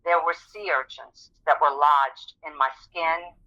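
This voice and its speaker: A woman with a bright, forward voice tells her own story to an interviewer with earnest, dramatic intensity. The recording sounds dull and lo-fi. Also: low voice, steady tone, unhurried. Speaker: guest telling her testimony. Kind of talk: emotional personal storytelling.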